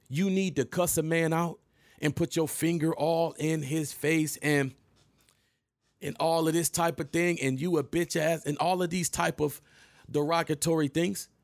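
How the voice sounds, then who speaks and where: A middle-aged man from Michigan telling a personal story in a casual monologue, animated and emphatic, acting out the scenes. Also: a little high, no echo, studio quality.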